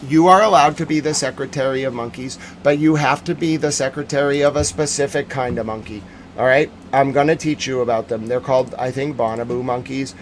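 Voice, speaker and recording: A man hosting a live news stream talks fast and jokes his way through viewer messages, swinging into mock-serious rants. His voice sits at a middle pitch, and a faint hum of background noise runs under it. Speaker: livestream news host answering chat. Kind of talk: casual livestream chat.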